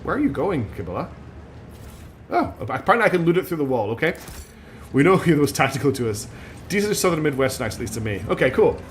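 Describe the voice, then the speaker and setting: A man's voice: on the high side, very animated, fast talker, slight background noise. A man streaming a game, chatting casually and poking fun at his own attempts at voices. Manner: chatty, self-mocking, laughs at own accents. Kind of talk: casual gaming commentary. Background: faint game music.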